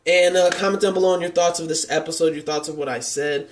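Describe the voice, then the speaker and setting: A man with a slightly higher-than-usual voice talks through an anime episode in a loose, chatty review. He rambles and leans on fillers as he retells scenes, earnest and openly touched. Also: fairly even intonation, fast, slight background noise. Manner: rambling, heavy on "like" and "and stuff" fillers. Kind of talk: casual episode review vlog.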